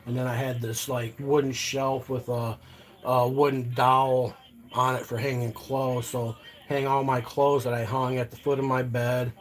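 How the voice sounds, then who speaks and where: A man's voice: medium pitch, flat delivery, normal speed. A middle-aged man telling a story on a live stream in a loose, profane, rambling way, often asking "you know what I mean".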